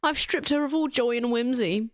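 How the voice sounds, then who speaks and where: A young British woman with a slightly high voice chats casually and self-deprecatingly at home while drawing, thinking out loud and giggling, at a moderate pace. She makes drawing videos, and the recording is clean studio sound with no echo.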